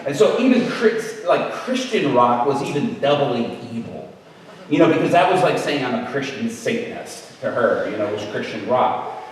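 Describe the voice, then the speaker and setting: Animated male preacher in an echoey hall. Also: medium pitch, normal speed. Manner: animated, humorous, shouts re-enacted lines. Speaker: guest preacher. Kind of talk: sermon storytelling. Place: church sanctuary. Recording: echoey church hall, distant mic.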